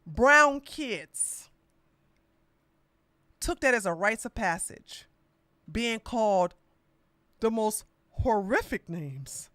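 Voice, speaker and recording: A woman's voice: a little high, bright, forceful tone, dry recording, clean studio sound. A woman hosting a political podcast, talking in a blunt, sassy, mocking way with lots of slang. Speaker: podcast host. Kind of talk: casual political commentary.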